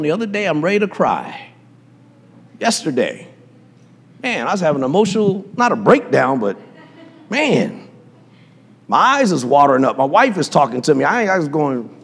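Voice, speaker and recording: A man's voice: fairly high pitch, husky, big-room sound. A man preaching a sermon as pastor, impassioned, with call-and-response asides to his congregation.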